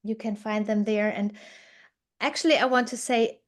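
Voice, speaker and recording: A woman's voice: mid-range voice, steady tone. Enthusiastic German-accented woman researcher. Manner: earnest, enthusiastic, halting with fillers. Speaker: guest researcher. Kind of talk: podcast interview.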